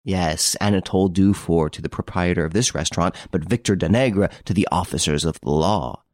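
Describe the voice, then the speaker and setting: A man's voice: low-pitched, a little fast, a little mellow, no echo, close to an everyday voice. A man voicing a hard, precise ex-detective. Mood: cold, assured. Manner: dry, hard, firm and precise. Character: cool, menacing middle-aged male ex-detective.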